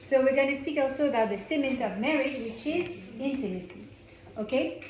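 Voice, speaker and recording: A woman's voice: high voice, fairly quick, a little mellow, slight background noise. French-accented woman teaching a class. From France. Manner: chatty, self-correcting, with frequent restarts. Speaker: Torah teacher. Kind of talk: informal class lecture. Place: indoor class room with a small group. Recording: roomy echo in a class room.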